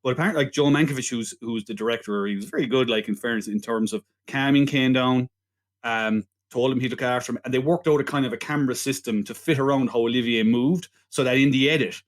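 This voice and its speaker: A man's voice: mid-range voice, fast. A man co-hosting a casual film podcast, telling stories in a joking, rambling way. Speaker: podcast co-host.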